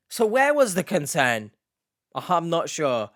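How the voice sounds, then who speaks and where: A man's voice: on the high side, huge pitch swings, slow, fairly bright tone. A man hosting a reaction video, commenting casually with sarcastic, mocking asides.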